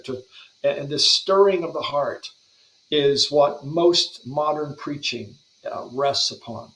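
A man speaks as a podcast guest, giving an earnest devotional teaching in a somewhat high voice. His delivery flows along, with frequent small restarts and repeated words. The recording has a noticeable roomy echo. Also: a bit bright. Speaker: guest Bible translator.

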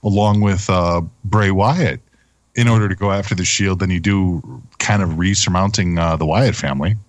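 A man co-hosting a casual podcast, hesitant and often trailing off mid-thought. His voice sits very low and comes across dry and close to the mic. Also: moderate pace, no room sound. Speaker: co-host.

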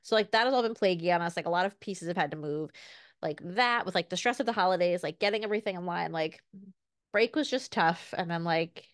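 A woman's voice: fairly low pitch, brisk, dry recording. Chatty woman with a dry close voice. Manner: chatty, lots of fillers, acts out her toddler's lines. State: recovering from illness. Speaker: podcast co-host. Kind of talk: casual chat.

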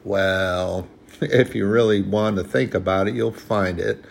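A man's voice: lowish voice, normal speed, vocal fry, slightly rough. A man preaching a sermon in an earnest, conversational way, often restarting his sentences.

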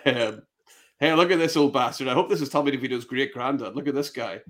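A man's voice: medium pitch, fast talker, a bit bright. A man co-hosting a casual fantasy football chat show, laughing and reacting to clips.

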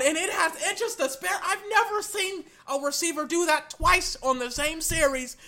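A man reacting live to a football game as a fan, excitable and exclamatory, rambling between play calls. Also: very high-pitched, normal speed.

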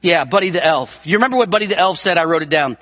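A middle-aged man preaching a sermon as a pastor, emphatic, repeating words for stress and swinging from loud calls to quiet asides. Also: fairly high pitch, expressive, fast, dry recording.

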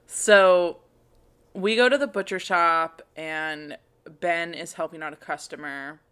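A woman co-hosting a casual podcast, retelling a TV episode scene by scene. She slips into quick quotes of the characters' lines as she narrates. Her voice sits on the low side. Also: a bit bright, clean tone. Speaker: podcast co-host. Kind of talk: casual chat recapping a TV show.

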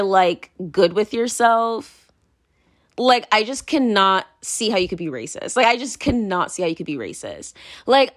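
A woman's voice: fairly high pitch, fairly bright tone. A woman talking casually on her own, blunt and profane, laughing often and repeating herself as she moves between points. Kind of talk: casual solo commentary.

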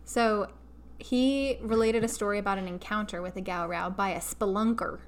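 A woman co-hosting a casual podcast, telling a story in an animated way and adding playful asides. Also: medium pitch, moderate pace, slight background noise. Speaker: podcast co-host.

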